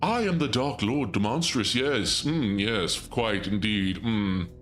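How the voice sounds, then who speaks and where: Man putting on posh british accent, prim pompous gentleman, drawn-out words. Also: on the low side, expressive, faint music behind. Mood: haughty. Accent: posh British English (put on).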